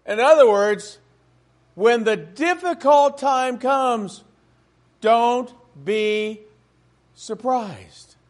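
A man's voice: extremely high pitch, extremely slow, long pauses. A man preaching a sermon to a congregation in church, emphatic and full of rhetorical questions.

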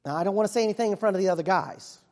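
A man playing an earnest, excitable disciple who tells his own story in a church monologue, chatty with sudden hushes and bursts. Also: high voice, very fast. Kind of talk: first-person dramatic monologue. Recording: long reverb of a large hall.

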